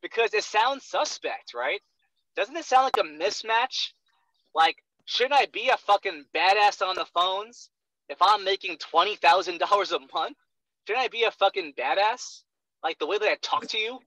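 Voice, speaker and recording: A young man coaches a sales trainee in a blunt, profane rush, hammering each point and checking in with "right?" again and again. His voice sits a little high and very bright, and the dry, close sound comes through a dull lo-fi recording. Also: normal speed, dry recording. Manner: profane, emphatic, keeps asking "right?". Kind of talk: blunt one-on-one coaching talk.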